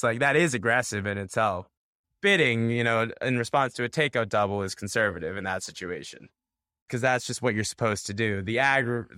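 A man's voice: lowish voice, sharp tone, no echo, clean studio sound. A young man from the United States, a bridge player answering interview questions in a loose, candid way with plenty of fillers and restarts.

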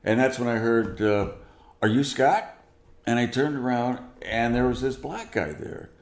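A man with a gravelly, creaky voice, telling a story in an animated way and acting out what people said. He sounds like he is in a roomy space with some echo. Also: medium pitch, normal speed. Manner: animated, acts out quoted dialogue. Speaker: guest musician. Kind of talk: storytelling interview.

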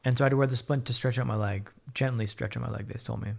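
A man's voice: mid-range voice, steady tone, fast, gravelly. A man telling his own story as a podcast guest, blunt and upbeat, swearing freely. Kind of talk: casual candid storytelling.

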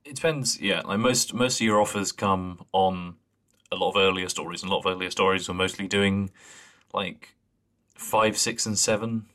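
A man's voice: sits low, normal speed, fairly bright tone. A man co-hosting a fan podcast in casual chat, earnest and a little hesitant, reading listener messages. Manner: earnest, reads out listener emails, hesitant fillers. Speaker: podcast co-host.

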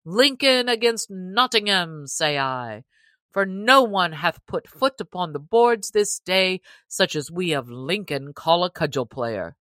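A woman reading aloud and voicing a boastful male cudgel champion who shouts mocking taunts in old-fashioned English. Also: low voice, big pitch swings, slow, no room sound, full character voice. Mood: taunting.

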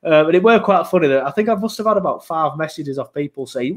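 Chatty man, higher voice. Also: fast talker, few pauses. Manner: chatty, self-mocking, animated storytelling. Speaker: podcast co-host. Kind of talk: casual chat.

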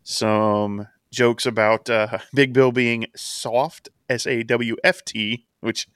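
A man's voice: medium pitch, flat delivery, slow pace, fairly bright tone, clear, resonant tone, dry recording, clean studio sound. A man co-hosting a casual wrestling podcast, recapping in a chatty way and laughing as he acts out quotes. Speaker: podcast co-host.

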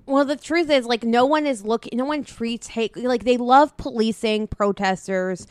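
Impassioned woman podcaster, smooth voice. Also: on the high side, moderate pace, dry recording. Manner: impassioned, many restarts and swearing. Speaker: podcast co-host. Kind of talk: casual political chat.

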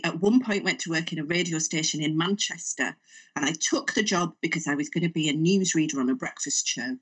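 A woman's voice: fairly low pitch, recorded from a distance. A woman with a Northern English accent, a writer and comedian talking animatedly as a podcast guest. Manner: animated, chatty storyteller. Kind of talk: casual podcast interview.

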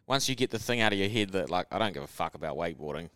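A man's voice: deep voice, expressive, racing, a bit bright, dry recording. A young man with a New Zealand accent, co-hosting a podcast in laid-back, joking casual chat and swearing casually. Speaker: podcast co-host.

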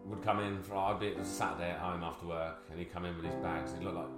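A man's voice: low-pitched, flat delivery, quick pace. A young man telling stories in a casual podcast chat, swearing freely and laughing as he talks. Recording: roomy echo with guitar music behind.

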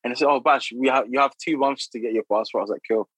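Young man telling lively stories. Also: mid-range voice, quick pace, husky, no room sound, low-quality recording. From Democratic Republic of Congo. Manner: animated, laughing, lots of filler and acted quotes. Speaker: guest. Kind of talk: casual storytelling.

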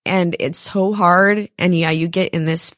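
A woman's voice: fairly low pitch, steady tone, a little slow, a bit bright, no room sound, studio quality. A young woman guest talking casually and emotionally, full of fillers. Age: young adult. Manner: chatty, emotional, many fillers. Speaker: podcast guest. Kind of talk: casual chat.

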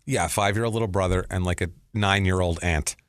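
A man's voice: deep voice, fairly even intonation, fast, dry recording, clean studio sound. A man co-hosting a podcast, ranting bluntly and profanely in a casual movie recap. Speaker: podcast co-host.

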